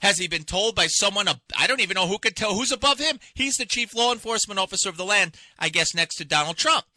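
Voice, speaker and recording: A man's voice: sits high, lively intonation, fast talker, bright, forceful tone, no room sound. A man hosting a talk radio show, delivering an impassioned, indignant monologue full of rhetorical questions from a radio studio. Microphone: studio microphone.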